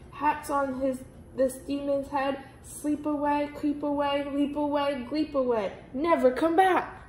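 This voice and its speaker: A woman voicing a group of mysterious magicians in a low, slow, sing-song chant, in a roomy space. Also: slight background noise. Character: chorus of mysterious male magicians. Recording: roomy echo.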